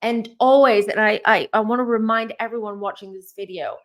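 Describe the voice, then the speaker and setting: A woman's voice: mid-range voice, steady tone, brisk. Earnest, rambling woman clairvoyant. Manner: earnest, meandering, repeats herself. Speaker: tarot reader and clairvoyant host. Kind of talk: casual spiritual reading chat.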